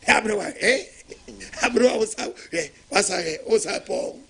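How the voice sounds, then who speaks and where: A middle-aged Ghanaian man preaching a sermon, animated and dramatic, with a husky voice. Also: high voice, normal speed. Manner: animated, dramatic, laughing and shouting in bursts. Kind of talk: sermon in Twi with English phrases.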